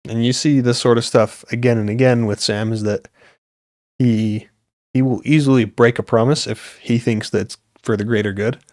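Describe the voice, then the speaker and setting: A man's voice: mid-range voice, fairly even intonation, moderate pace, darkish tone, no echo, studio quality. A young man hosting a podcast, rambling on earnestly in a casual chat, with many fillers. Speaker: podcast host.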